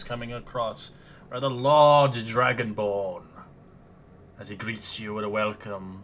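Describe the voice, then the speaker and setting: A man narrating a tabletop game as game master in a halting, rambling way with restarts. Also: on the low side, a bit bright, slight background noise.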